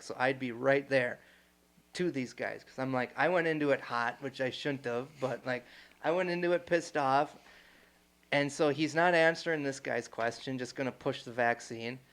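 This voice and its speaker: A young man co-hosting a casual podcast chat, telling a story with lots of fillers, swearing and loud acted-out quotes. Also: mid-range voice. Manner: animated, swears freely, acts out quotes loudly. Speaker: podcast co-host.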